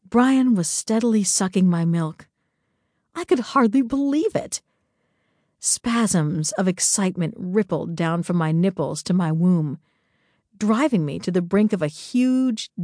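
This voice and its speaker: A woman narrating a first-person story in a slow, intimate, measured reading on a close studio mic. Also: on the low side, darkish tone, no echo. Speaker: audiobook narrator.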